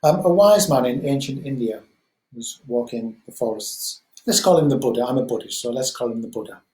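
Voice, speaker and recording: A man who teaches mindfulness, leading a guided meditation talk slowly and gently, with frequent ums. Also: medium pitch, echoey room, poor audio.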